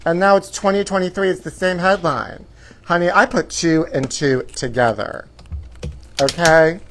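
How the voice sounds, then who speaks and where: A man's voice: on the high side, moderate pace, a bit bright, slight background noise. A man hosting a live show from his apartment, chatty and theatrical, sprinkling "honey" through his campy gossip. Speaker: host.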